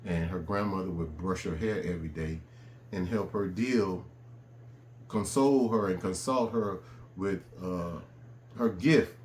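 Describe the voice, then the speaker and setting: A man with a lowish voice tells a personal story in an easy, conversational manner, leaning on fillers as he goes. His voice rings with a roomy echo, and a faint hum of ambience sits behind him. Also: measured pace. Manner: relaxed, conversational, frequent fillers.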